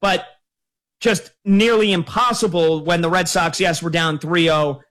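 A man's voice: fairly high pitch, fairly even intonation, a little slow, a bit bright. A man hosting a sports radio call-in show, talking in a chatty, conversational way.

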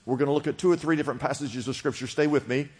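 A man's voice: medium pitch, rapid-fire, long reverb tail. A man preaching a sermon to a congregation, explaining a word and asking the people to repeat it after him. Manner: teaching, asks congregation to repeat words. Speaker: pastor.

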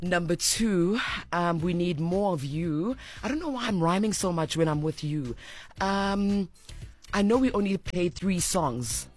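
A woman hosting a radio show talks with a guest in the studio. Her voice sits slightly low for a woman. She is effusive and encouraging, praising the guest freely. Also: lively intonation, unhurried, a little mellow. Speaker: radio host.

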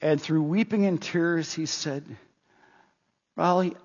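A man's voice: a little high, fairly even intonation, a little slow, a little mellow. A middle-aged male pastor preaching a sermon, telling a story earnestly and asking the congregation questions. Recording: dull, long-reverb hall sound.

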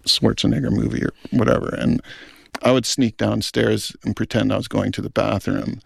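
Gravelly low-voiced male film director. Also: little pitch movement, normal speed, no room sound, clean studio sound. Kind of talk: reflective interview talk.

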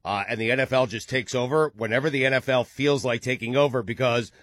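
A man's voice: medium pitch, fairly even intonation, quick pace, a bit bright, no echo, studio quality. A man hosting a casual sports talk show, leading the discussion and laughing often. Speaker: sports radio host.

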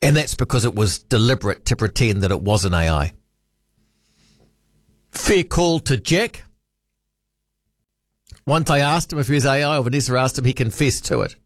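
A man's voice: medium pitch, lively intonation, moderate pace, long pauses, dry recording, studio quality. A man with a New Zealand accent hosting late-night talkback radio, chatty and rambling, often correcting himself mid-sentence. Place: radio studio.

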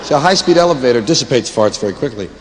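A man delivers a rambling stand-up routine, jumping from thought to thought as his voice swings wildly up and down. He is heard in a large hall with a long reverb tail. Steady ambient noise sits loudly under him. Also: rapid-fire. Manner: rambling, digressive delivery with sudden jumps in pitch. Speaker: stand-up comedian.

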